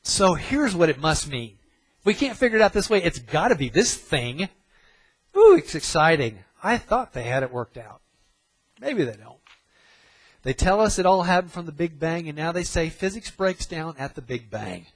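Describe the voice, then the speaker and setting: A man's voice: a little high, very animated, moderate pace, slightly rough, no room sound, low-quality recording. A middle-aged man preaching a sermon, emphatic and repeating phrases for stress.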